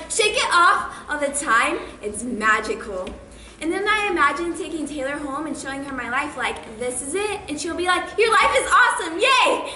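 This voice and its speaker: A woman's voice: high voice, bright, forceful tone. A young woman playing a giggly, unhinged girl. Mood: gushing. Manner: gushing, giggly, breezy about violence. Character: bubbly, unhinged young woman with an imaginary celebrity friend. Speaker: student actor in a stage play. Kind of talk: comic stage monologue. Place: school stage or hall. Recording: roomy stage recording with noise.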